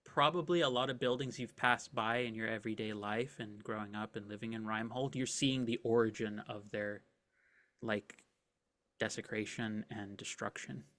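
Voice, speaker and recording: A man's voice: lowish voice, steady tone, moderate pace, a bit bright. A man narrating a tabletop game as game master, describing scenes casually and vividly with many filler words.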